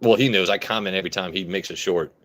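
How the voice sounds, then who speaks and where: A man with a somewhat low voice hosts a relaxed live stream, tasting whiskey at his desk mic. He chats and jokes with his viewers in an easy, playful way. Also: fast talker. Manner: jokey, chatty, reads and greets chat. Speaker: livestream host reviewing whiskey. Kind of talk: casual live stream chat.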